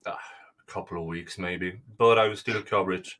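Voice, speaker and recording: A man hosting a casual live stream, talking haltingly with many fillers. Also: sits low, steady tone, a bit bright. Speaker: stream host.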